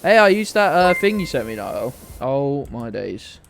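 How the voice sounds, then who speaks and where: A man's voice: mid-range voice, big pitch swings, a little slow, gravelly, faint music behind. A British man giving casual, sarcastic and sweary commentary while streaming a video game. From Britain.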